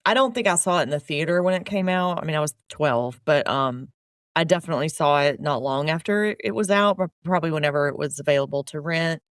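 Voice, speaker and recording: A man's voice: a little high, fast, fairly bright tone, clear, resonant tone, no room sound, clean studio sound. A man in his forties co-hosting a film podcast in a put-on Southern US accent, amused and often laughing. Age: 40s. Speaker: podcast co-host. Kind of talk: casual film podcast chat.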